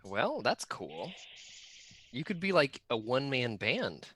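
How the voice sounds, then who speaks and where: A man's voice: medium pitch, slow, husky, no echo. A man playing a tabletop role-playing game in casual chat, joking playfully. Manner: playful, jokey, lively.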